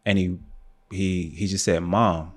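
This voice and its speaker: His voice sits low and he goes a little fast as this young American photographer, a podcast guest, recounts something personal. The delivery is relaxed and loaded with fillers such as "um" and "like."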